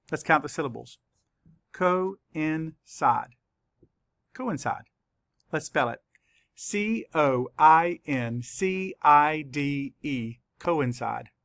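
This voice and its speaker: Teacher man, crisp dry delivery. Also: on the high side, pushed and bright, no echo. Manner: slow, deliberate letter-by-letter spelling. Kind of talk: spelling lesson for children.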